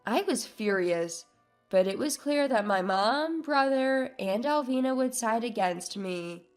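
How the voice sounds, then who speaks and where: Slow, high-voiced woman narrating a story. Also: expressive. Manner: measured, subdued, slow. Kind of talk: first-person story narration. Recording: narration with soft background music.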